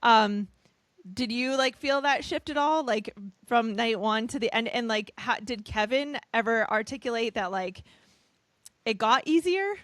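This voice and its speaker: A woman's voice: a little high, a little slow, fairly bright tone, dry recording. A woman hosting a podcast interview, asking long, rambling questions with enthusiasm. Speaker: podcast host. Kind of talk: conversational interview.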